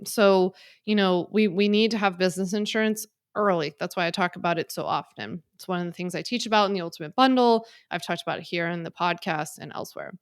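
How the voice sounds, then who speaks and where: A woman's voice: fairly low pitch, fast talker, clean tone, no room sound. Woman, from Philadelphia, podcast host, frank, chatty, filler-heavy, dry recording. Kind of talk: casual solo podcast. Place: home office. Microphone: on video in office.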